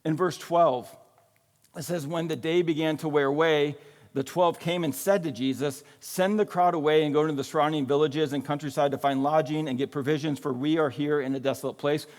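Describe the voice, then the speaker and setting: Man, pastor, conversational sermon, slightly high pitch, long church reverb. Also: fairly even intonation, a little fast, a little mellow. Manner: casual, conversational preaching with frequent "right?" and "like". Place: church sanctuary.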